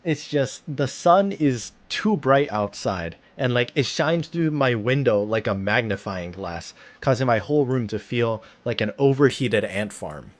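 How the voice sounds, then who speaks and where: A man's voice: medium pitch, animated, unhurried, hardly any pauses. A tired man hosting a livestream in casual chat, rambling and self-deprecating. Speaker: livestream host.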